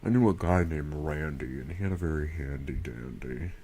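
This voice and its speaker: A man's voice: extremely low pitch, moderate pace, mellow, slight background noise, voice pushed down. A man putting on a goofy voice, repeating and rhyming a phrase in a sing-song way. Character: goofy deep-voiced man chanting silly rhymes.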